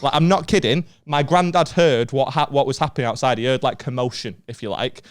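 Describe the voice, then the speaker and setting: A man's voice: medium pitch, brisk, no echo, clean studio sound. A young man, co-hosting a podcast and telling a story in casual chat, swearing freely and laughing often. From Northern England. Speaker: podcast co-host.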